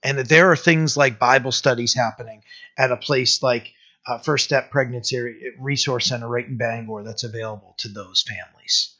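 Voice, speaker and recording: A man's voice: mid-range voice, fairly even intonation, moderate pace, sharp tone, muffled recording. A man preaching a sermon in a conversational way, restarting phrases and rising in emphasis.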